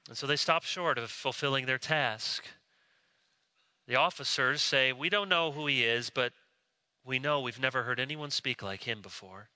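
A man preaching a sermon, animated, acting out quoted voices as he explains a Bible passage. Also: medium pitch, normal speed, dry recording. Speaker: pastor.

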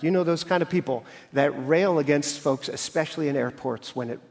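A man's voice: fairly high pitch, fairly quick, a little mellow. A man preaching an expository sermon, explaining scripture with everyday stories and acting out quoted voices with rising emphasis. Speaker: pastor. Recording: long hall reverb.

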